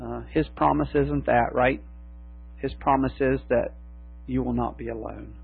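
A man preaching a sermon as pastor, slow and emphatic with long pauses. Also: medium pitch, steady tone, creaky, breathy edge. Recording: tinny phone-like sound with mains hum.

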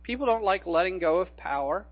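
A man's voice: high-pitched, lively intonation, a little fast, no echo, highs cut off. A man preaching a sermon in a conversational, folksy way, with homey jokes between the scripture.

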